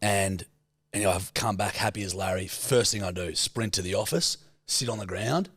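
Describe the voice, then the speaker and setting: A man in his thirties with an Australian accent, co-hosting a podcast and telling stories in a loose, animated way with plenty of swearing. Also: fairly low pitch, normal speed, breathy edge, no room sound. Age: 30s. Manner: swears freely, animated storyteller. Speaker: podcast co-host. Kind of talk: casual storytelling chat.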